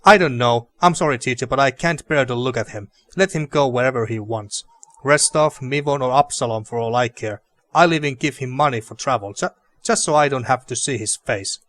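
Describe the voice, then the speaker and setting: A man's voice: mid-range voice, a little fast, a bit bright, dry recording, close to an everyday voice. A man voicing a hurt, bitter young woman who was once a student, reading game dialogue aloud with slight emphasis.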